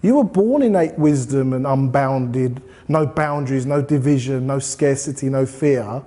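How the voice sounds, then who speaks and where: A man's voice: mid-range voice, measured pace, mellow. A man speaking at a group meeting, giving a conversational motivational talk and asking the audience questions. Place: meeting room.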